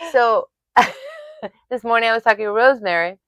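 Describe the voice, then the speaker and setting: A woman co-hosting a casual chat, telling animated stories and drifting onto tangents. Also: a little high, takes it slowly, no room sound, studio quality. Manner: animated storyteller, goes off on tangents. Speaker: podcast co-host.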